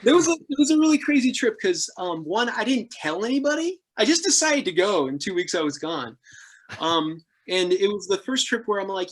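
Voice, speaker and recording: A man's voice: normal speed, a little hiss or hum. A man in his thirties, a podcast guest casually telling adventure travel stories, laughing often and acting out the people he quotes. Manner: animated, laughing, acts out quoted people with jumps in pitch. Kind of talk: casual storytelling interview.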